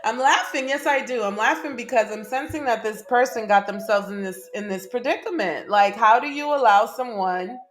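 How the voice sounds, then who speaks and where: A woman doing a casual tarot reading to camera, chatty and emphatic, often laughing. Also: medium pitch. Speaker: tarot reader.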